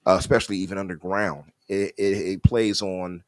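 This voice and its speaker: A man with a low voice talks casually on a gaming podcast. He is animated, trails off and restarts his sentences. The sound is dry and close. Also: moderate pace, no room sound. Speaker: podcast co-host. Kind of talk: casual chat.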